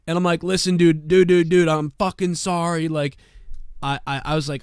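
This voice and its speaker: A man's voice: a little high, fairly even intonation, fairly quick, clean tone, no room sound, studio quality. A man telling a rambling, profane bar story in casual talk on a podcast. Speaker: podcast co-host.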